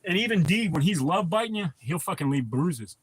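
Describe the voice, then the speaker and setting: Guy rambling on a livestream, swears a lot, kinda high voice, super casual. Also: animated, normal speed, a little hiss or hum. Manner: rambling, profane, laid-back. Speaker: livestream host. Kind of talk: casual chat reading viewer comments.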